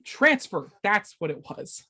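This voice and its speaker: A man's voice: sits high, very animated, unhurried, pushed and bright. A man hosting a casual gaming podcast, rambling with lots of fillers and stumbling over his words, swearing when he loses track. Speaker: podcast host.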